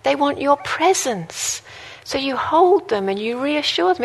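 A woman's voice: sits high, animated, unhurried, vocal fry, hardly any pauses. A woman preaching a sermon in an earnest, conversational way, mixing in personal stories. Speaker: guest preacher.

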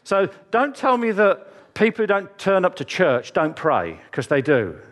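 A man's voice: sits high, wildly swooping pitch, unhurried. A man preaching a sermon in church, telling chatty, jokey stories with asides to the congregation.

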